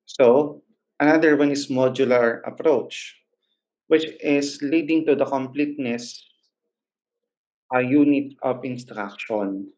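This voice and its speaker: A young man with a Filipino accent giving a recorded lecture as a teacher, pausing often with filler words and correcting himself. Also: medium pitch, a little mellow, poor audio. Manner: hesitant, many filler words and self-corrections.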